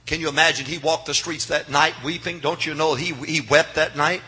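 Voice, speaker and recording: A man preaching a revival sermon in a church, swinging from hushed asides to shouts. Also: on the high side, fairly even intonation, moderate pace, slightly rough. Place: church sanctuary.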